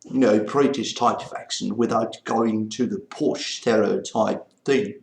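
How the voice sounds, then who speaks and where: A man's voice: on the low side, steady tone, a little slow, creaky, echoey room. A man from Belgium, a native French speaker with a Belgian French accent, rambling through a casual vlog chat. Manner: rambling, meandering talk. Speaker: vlogger.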